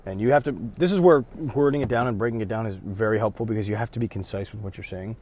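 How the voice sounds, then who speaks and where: A man who referees rugby, talking casually in a car, rambling and correcting himself, now and then acting out players' shouts. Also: fairly low pitch, quick pace. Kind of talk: casual vlog talk.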